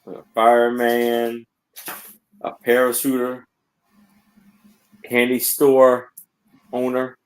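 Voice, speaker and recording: A man co-hosts a live sale and walks through a picture book. He speaks slowly and plainly, in short simple phrases, with a voice of ordinary pitch. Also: completely flat delivery. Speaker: co-host reading a picture book. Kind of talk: casual reading and chat.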